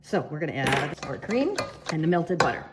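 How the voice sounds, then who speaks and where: A woman's voice: low-pitched, very animated, a little fast, very noisy. A woman giving a casual baking tutorial, chatty and joking with viewers as she works. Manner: chatty and joking, talks to viewers while working. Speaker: baking instructor and shop owner.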